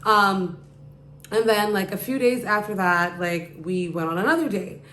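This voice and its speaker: A woman hosts her podcast, casually telling a rambling story full of "like" and "you know." Her mid-range voice is a little slow with a fairly bright tone, and the echoey room carries a bit of hiss or hum.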